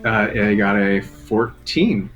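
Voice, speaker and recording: A man playing a tabletop game, speaking in character in a relaxed, joking way. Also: fairly low pitch, slow pace, dull audio, faint music behind. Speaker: player.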